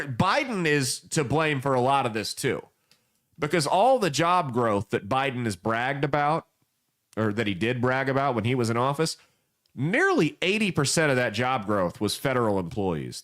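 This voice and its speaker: A man's voice: medium pitch, fairly bright tone. A young adult man hosting casual political commentary, telling folksy parables with blunt emphasis. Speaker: podcast host.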